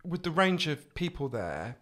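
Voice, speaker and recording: Posh English man, lively and profane, with a somewhat high voice; a podcast guest. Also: measured pace. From England. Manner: animated, swearing storyteller. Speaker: author and guest. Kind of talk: casual podcast conversation.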